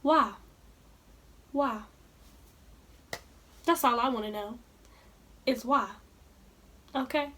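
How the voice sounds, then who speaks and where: A woman's voice: high-pitched, very slow, pauses often, pushed and bright, a little hiss or hum. A young woman telling a storytime vlog in colloquial speech, indignantly ranting straight to her viewers. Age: young adult. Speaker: vlogger.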